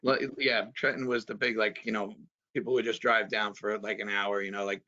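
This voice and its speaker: A man in his fifties from New Jersey, a former pitcher, rambling through memories in a casual chat full of fillers. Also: level tone, fairly quick, sharp tone. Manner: rambling, many fillers, chuckles often. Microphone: video call. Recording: dull video-call audio.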